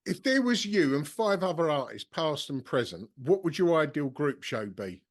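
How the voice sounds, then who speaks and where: A male podcast host with a fairly high, very lively voice. He asks eager questions that push his guest to keep talking. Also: moderate pace. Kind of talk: casual interview.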